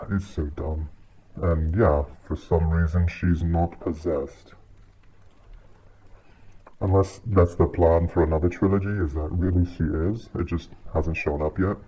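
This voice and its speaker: A video creator rants casually about a movie on his channel, exasperated, swearing often and sighing between points. His low, slightly rough voice is unhurried with fairly even intonation, and the lo-fi audio sounds dull with faint hiss.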